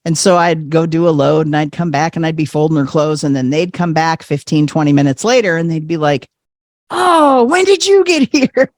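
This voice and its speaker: A man telling a personal story with animated energy, slipping into other people's voices and laughing often. He is a podcast guest in casual conversation. The sound is close and dry. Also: a little high, fairly quick, hardly any pauses, no room sound.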